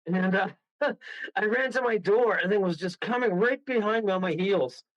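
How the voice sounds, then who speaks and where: Excitable guy from toronto spinning a rambling yarn, high voice, muffled lo-fi line. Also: normal speed, no echo. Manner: excitable, rambling, laughs through his story. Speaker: guest medium and paranormal investigator. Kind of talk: casual storytelling on a radio call. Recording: dull lo-fi radio audio.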